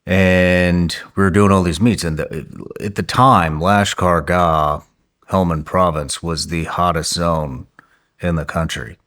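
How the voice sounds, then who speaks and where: A man's voice: sits low, fairly even intonation, slow pace, fairly bright tone. A man hosting a podcast, telling his side of a story in blunt, profane, clipped phrases. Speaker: podcast host. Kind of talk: casual storytelling.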